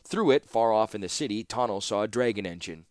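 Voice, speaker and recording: A man narrates a fantasy audiobook in a steady, measured way. His voice sits low, and the recording is close and dry with no room around it. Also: clean tone, dry recording.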